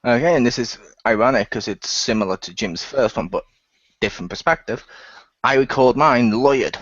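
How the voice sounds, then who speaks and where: A man grumbles dryly and with exasperation in a casual chat. His voice is mid-pitched and dull, like a lo-fi online call. The sound is close and dry. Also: normal speed, fairly bright tone, dry recording. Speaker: podcast co-host.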